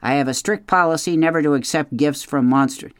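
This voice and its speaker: A man voicing a stubborn, grumbling male beaver father who talks gruffly. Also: on the high side, a little fast, dry recording, studio quality, voice pushed up, close to an everyday voice. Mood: grumpy. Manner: gruff, muttering, grudging.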